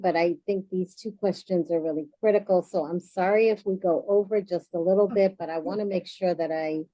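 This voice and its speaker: A woman moderating a panel discussion, brisk and apologetic about the running time. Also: fairly low pitch, warm tone, dry recording, rough recording.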